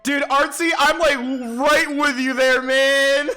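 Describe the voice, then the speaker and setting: A game streamer reading game text aloud and reacting with loud, swearing outbursts. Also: sits high, flat delivery, slow pace, faint music behind.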